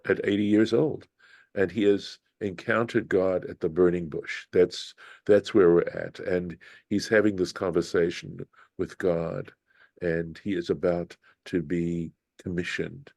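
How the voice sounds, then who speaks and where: A rabbi in his later years leads an unhurried scripture study, thinking aloud and circling back to rephrase. His voice sits very low and mellow. It is recorded close and dry. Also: vocal fry, no echo. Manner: thoughtful, unhurried, reflective with many restarts. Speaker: rabbi teaching Torah study. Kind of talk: informal scripture lesson.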